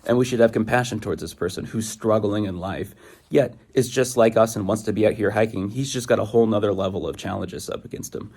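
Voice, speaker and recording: A young man is vlogging from a hiking trail as a thru-hiker, his voice on the low side, a little mellow, and quick. He rants in an exasperated, rambling monologue that keeps drifting off on tangents.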